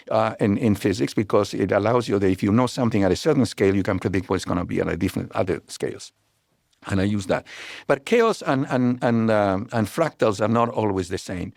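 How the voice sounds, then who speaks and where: A man's voice: lowish voice, creaky, no room sound, clean studio sound. An older man, a scientist guest, explaining ideas in a digressive way and telling anecdotes. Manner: digressive, anecdotal, many restarts, animated storytelling. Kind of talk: relaxed explanatory interview talk.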